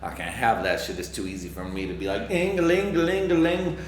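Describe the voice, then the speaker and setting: A man hosting a podcast, rambling through a casual, profane solo monologue that swings from loud excitement to low muttering. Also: quick pace, reverberant, a little hiss or hum. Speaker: podcast host.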